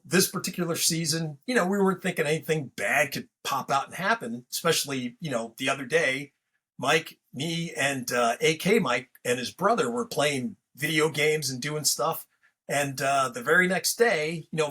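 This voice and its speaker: A man's voice: medium pitch, bright, forceful tone, husky. A man hosting a podcast, telling a story in a rambling, casual way full of fillers and restarts. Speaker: podcast host.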